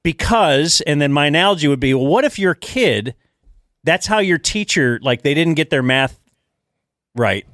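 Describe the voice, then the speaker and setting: A middle-aged talk show host sets up a long, rambling question in casual chat. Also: male voice, fairly high pitch, expressive, moderate pace, a bit bright, no room sound, clean studio sound.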